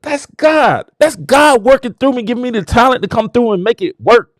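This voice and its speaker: A man hosting his own show gives a fervent motivational talk in a preaching style, moving from low murmurs to shouted exclamations. He speaks briskly, with no echo.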